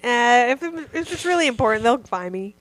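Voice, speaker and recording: A woman's voice: a little high, animated, a little fast, fairly bright tone, dry recording. A woman co-hosting a podcast, trading profane, teasing banter and scolding her co-host while laughing. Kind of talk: casual crude banter.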